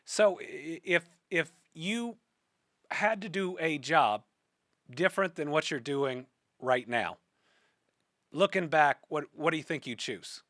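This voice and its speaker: A man's voice: on the high side, slow pace, fairly bright tone, dry recording, clean studio sound. A man with a Kentucky accent hosting a podcast, asking a guest questions and then speaking earnestly and with rising passion on an issue. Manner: fired-up, earnest political speaking. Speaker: podcast host. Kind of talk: interview then spoken commentary.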